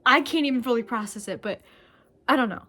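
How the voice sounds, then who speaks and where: A woman's voice: a little high, a little fast, pushed and bright. A young adult woman talking straight to camera in an earnest, rambling, emotional way, swearing casually as she shares her thoughts. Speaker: vlogger. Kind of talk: heartfelt direct-to-camera monologue.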